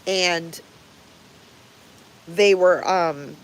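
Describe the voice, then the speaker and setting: A woman's voice: on the low side, steady tone, very slow. An older woman hosting a casual livestream, greeting viewers and answering their comments in a blunt manner, swearing freely and chuckling often. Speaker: livestream host.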